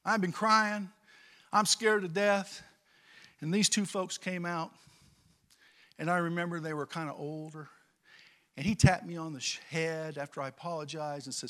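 Male pastor, middle-aged, bright tense voice, fairly high pitch, lively storytelling sermon. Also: moderate pace, pauses often. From California. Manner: animated storytelling, swings from quiet to loud.

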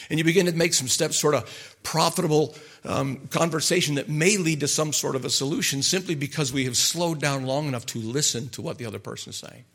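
A middle-aged male pastor gives a conversational sermon, throwing rhetorical questions at his congregation in a homely, folksy manner. His voice is bright and forceful and sits slightly above the usual male range. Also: on the high side, fairly quick. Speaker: pastor and marriage counselor.

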